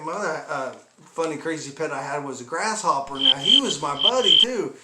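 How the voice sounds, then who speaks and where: A man's voice: on the high side, a little fast, sharp tone. A man telling comic stories about his pets in a rambling, chuckling way, with exaggerated asides. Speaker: comedy vlogger. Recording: echoey room with background noise.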